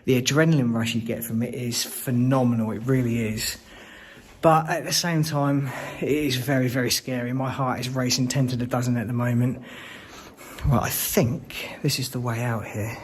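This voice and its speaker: A man exploring an abandoned hospital at night, hushed and frightened, swearing and shaking with fear as he talks to his camera. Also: medium pitch, fairly even intonation, normal speed. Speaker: urban explorer. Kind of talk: whispered solo vlog. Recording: noisy handheld camera audio.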